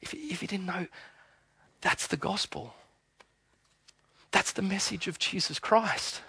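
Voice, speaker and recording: Animated conversational preacher, a man. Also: high voice, slow, creaky, breathy edge. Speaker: pastor. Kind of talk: sermon. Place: church.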